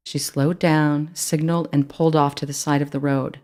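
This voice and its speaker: Female author narrating a kids' audiobook, deep voice, even delivery. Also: moderate pace, few pauses. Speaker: author reading her book.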